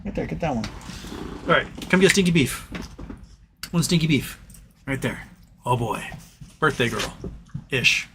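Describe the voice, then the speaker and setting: A man's voice: mid-range voice, animated, unhurried, vocal fry, pauses often, background noise. A man hosting a casual livestream, reading viewer comments aloud in a rambling, playful way and chatting to his dog. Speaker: livestream host.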